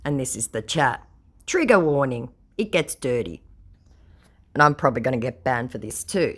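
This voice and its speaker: A woman with a low voice narrates a chat with a scammer in a casual, sarcastic way. She taunts as she goes, and her pitch swings widely from line to line. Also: lively intonation, normal speed, husky. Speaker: scam-baiting vlogger.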